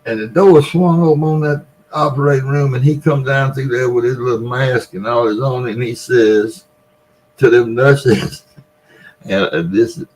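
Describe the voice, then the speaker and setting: A man's voice: medium pitch, fairly even intonation, unhurried, darkish tone. A man in his seventies with a Mississippi Delta Southern accent, telling a long story in a folksy way and laughing between lines. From Mississippi Delta, USA. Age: 70s. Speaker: vlogger. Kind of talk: casual storytelling.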